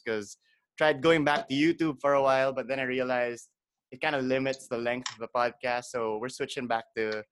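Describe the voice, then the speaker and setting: A man's voice: mid-range voice, a bit bright. A man hosting a podcast in a casual, chatty way, laughing often, recording over a webcam call. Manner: laughing, chatty, loose filler words. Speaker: podcast host.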